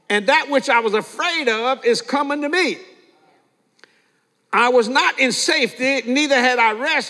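An older man preaching a sermon as pastor, telling stories with animated delivery and acting out voices. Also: extremely high pitch, moderate pace. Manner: animated, storytelling with laughter and acted-out voices. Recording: long hall reverb.

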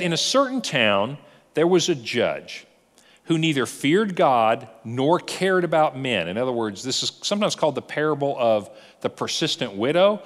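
A male pastor giving a sermon, telling a story lively and acting out the characters' lines. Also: mid-range voice, long reverb tail. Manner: animated storyteller, acts out dialogue. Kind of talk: sermon teaching.

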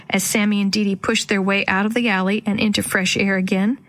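A woman's voice: mid-range voice, level tone, a little fast, fairly bright tone, no room sound. A woman reading a children's chapter book aloud, giving the characters light voices. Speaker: audiobook narrator.

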